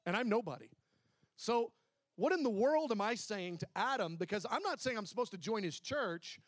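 A man preaching, telling his story to a congregation, animated, with fast excited bursts, slow emphatic stretches and acted-out dialogue. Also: high voice, no echo, clean studio sound. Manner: acts out quoted dialogue.

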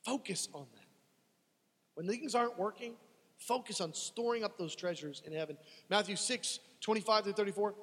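A man's voice: high-pitched, a bit bright, husky, long reverb tail. A man preaching a sermon, dramatic and acting out desperate pleas to God as he teaches.

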